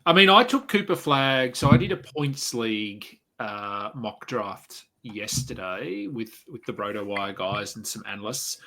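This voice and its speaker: A man's voice: fairly low pitch, expressive, unhurried, hardly any pauses, pushed and bright. A man appearing as a guest analyst, talking through fantasy sports picks in an easygoing way, thinking aloud with fillers. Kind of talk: casual fantasy sports chat.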